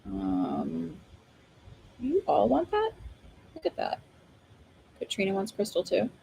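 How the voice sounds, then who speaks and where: A woman's voice: medium pitch, wildly swooping pitch, slow pace, creaky, dark tone, slightly rough, rough recording. A woman hosting a live stream of oracle card readings, talking in a chatty, rambling way with lots of fillers and laughs. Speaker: psychic medium host.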